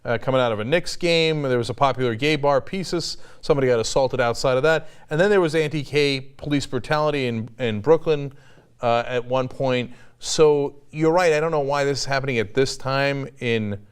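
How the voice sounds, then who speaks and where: A man's voice: mid-range voice, normal speed, clean tone. A middle-aged man hosting an online news show, arguing his opinions bluntly and swearing casually. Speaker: news commentary host.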